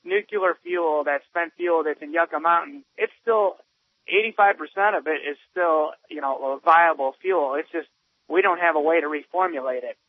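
A man phoning in to talk radio, sounding earnest and a little unsure as he explains. His voice sits a bit high and comes through a thin, phone-like line. The sound is dry. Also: moderate pace, no echo. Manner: earnest, hesitant, loosely explaining. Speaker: caller. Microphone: telephone.

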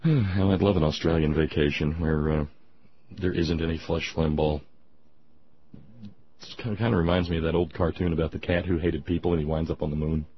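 A man's voice: rumbling low, steady tone, normal speed, slight background noise. A man hosting political talk radio, rambling and sardonic, with many restarts. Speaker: radio talk show host. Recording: dull lo-fi broadcast sound.

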